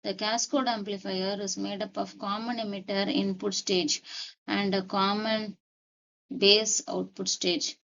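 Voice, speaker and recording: Gravelly-voiced woman teaching a lesson. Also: medium pitch, little pitch movement, fairly bright tone, highs cut off. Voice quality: repeats key points deliberately. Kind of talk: step-by-step lecture.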